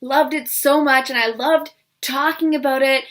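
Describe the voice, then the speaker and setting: Young woman book vlogger, high and bright, gushing and excitable, casual chat. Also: normal speed. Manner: gushing and excitable, many repeated "I loved" and "like".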